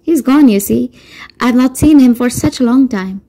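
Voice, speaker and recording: A woman voicing an elderly grandmother who is gentle and wistful, raising her voice a little higher. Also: normal speed, poor audio.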